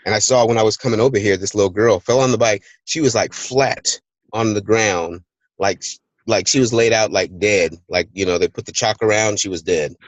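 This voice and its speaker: A low-pitched man talks loosely and energetically through a motivational chat. His voice sits dry and close to the mic. He tells stories and acts out bits of them in quotes. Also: moderate pace, no echo, poor audio. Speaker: host of a team call. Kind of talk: casual motivational talk. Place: hot place, remote recording.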